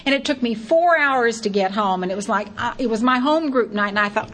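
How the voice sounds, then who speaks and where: Older woman, lively storytelling testimony. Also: a little high, moderate pace, hardly any pauses. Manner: lively, acts out her own past thoughts in quotes. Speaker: speaker sharing her recovery story.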